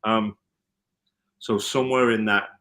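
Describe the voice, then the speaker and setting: A man from Liverpool with a Scouse accent softened by American, a guitar tech chatting in an interview and telling stories with many ums and restarts. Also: lowish voice, fairly even intonation, a little slow. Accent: Liverpool (Scouse), with some American mixed in. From Liverpool, England. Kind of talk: casual interview chat.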